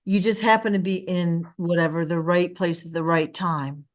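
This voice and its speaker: Low-voiced woman hosting a chat. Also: fairly even intonation, normal speed. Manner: reflective, encouraging, laughs along. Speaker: host. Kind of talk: casual interview chat.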